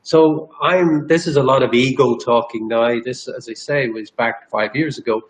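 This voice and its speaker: A man speaks as an interview guest, recounting a personal story in an earnest, meandering way. He often restarts his sentences and backtracks as he talks. His voice sits at an ordinary mid pitch. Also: normal speed, low-quality recording. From Northern Ireland. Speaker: guest, energy healer.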